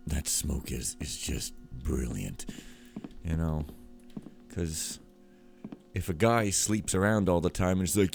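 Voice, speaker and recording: A man giving casual, rambling gameplay commentary, joking and often trailing off quietly. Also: sits low, slow pace, gravelly.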